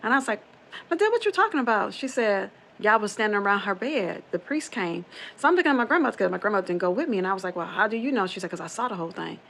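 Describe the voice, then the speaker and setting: A woman's voice: mid-range voice, expressive, fast talker, creaky, few pauses, a bit bright, slight background noise. A woman casually telling a spooky true story from her own family, rambling and repeating herself, acting out quoted dialogue.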